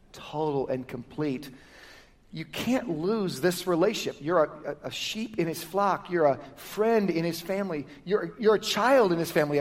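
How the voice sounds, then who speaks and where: A male pastor giving a sermon in a conversational, lively style, often restarting phrases as he explains. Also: sits high. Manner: conversational, lively, self-correcting preaching. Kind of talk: sermon with prayer and Bible teaching.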